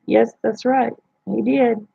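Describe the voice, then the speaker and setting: Gravelly, husky woman telling a story. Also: fairly high pitch, steady tone, no echo. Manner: slow, plain-spoken, retells dialogue. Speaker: livestream host. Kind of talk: casual personal storytelling. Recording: dull lo-fi dry sound.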